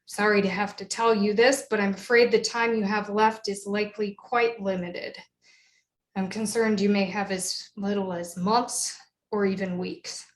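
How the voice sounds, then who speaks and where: A woman's voice: medium pitch, little pitch movement, measured pace, natural voice. A woman plays a nervous young doctor in a solo stage show, speaking in a stiff, rehearsed way as he delivers bad news. The voice sits close to her own middle register, with a roomy echo.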